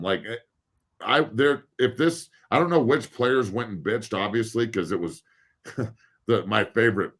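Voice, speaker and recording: A man's voice: lowish voice, fairly bright tone, slightly rough. Blunt, profane man ranting in debate. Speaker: guest panelist. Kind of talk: heated casual debate.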